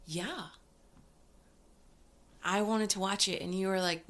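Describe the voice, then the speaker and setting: A woman's voice: mid-range voice, steady tone, takes it slowly, a bit bright. A woman school teacher guesting on a podcast, blunt and dry, swearing freely in casual banter.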